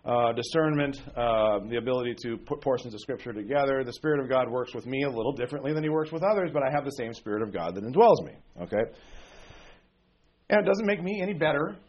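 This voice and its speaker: A pastor with a weak voice, under the weather with a cold, preaching in a folksy, conversational way that keeps checking in with "okay?". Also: male voice, medium pitch, lively intonation, fast. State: sick with a cold. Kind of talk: conversational sermon. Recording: dull lo-fi recording.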